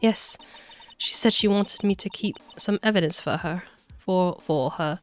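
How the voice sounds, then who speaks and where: A woman voicing a distraught young woman grieving her sister, reading game dialogue on stream in a halting, stammering way. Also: on the low side, soft background music, lightly acted. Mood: shaken.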